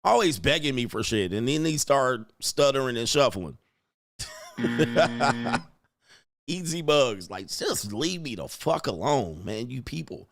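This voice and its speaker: A man's voice: mid-range voice, animated, takes it slowly, a bit bright, slight background noise. A man hosting a livestream, ranting with constant swearing and mocking asides, reading chat messages aloud. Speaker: livestream host. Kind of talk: profane ranting commentary.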